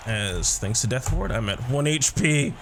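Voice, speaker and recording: A man playing a tabletop game, narrating his character's fate slowly and dramatically. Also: mid-range voice, expressive, noisy background. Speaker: player.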